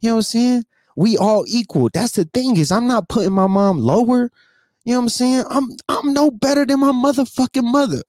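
A vlogger in his thirties rants emotionally and unscripted to the camera in a very high, darkish voice, talking a little fast. He's profane and repetitive, tearful and sighing, and keeps asking if you know what he means. The studio sound is clean with no room sound.

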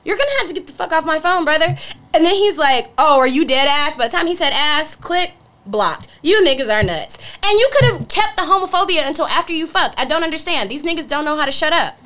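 A young woman in casual podcast chat, an animated storyteller who acts out the dialogue, blunt and profane. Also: sits high, brisk.

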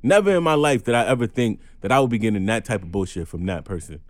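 A man's voice: fairly low pitch, expressive, fast talker, no echo, studio quality. A man co-hosting a podcast, venting bluntly and profanely, his voice climbing when he gets angry. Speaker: podcast co-host. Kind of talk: casual podcast chat.

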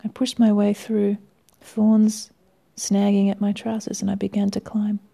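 Gravelly woman reading a wry story. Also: medium pitch, completely flat delivery. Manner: wry, measured, dropping to a hush at times. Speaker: reader. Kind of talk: first-person story reading.

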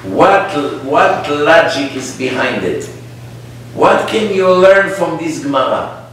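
A man's voice: on the high side, slow pace. A man teaching as a rabbi, telling stories in a sermon and quizzing his listeners with questions. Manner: animated, asks the audience questions. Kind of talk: storytelling sermon. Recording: echoey room, distant mic, faint noise.

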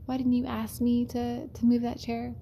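A woman's voice: fairly high pitch, completely flat delivery, moderate pace, gravelly, warm tone, slight background noise, voice pushed up. A woman imitating a tall, earnest man who pleads in a fussy, disappointed tone. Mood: exasperated.

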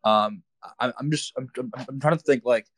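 A man calling in from the community asks questions in a halting, frustrated way, often repeating words. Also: mid-range voice, fairly bright tone, no room sound. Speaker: caller from the community. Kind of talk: casual question on a live audio call.

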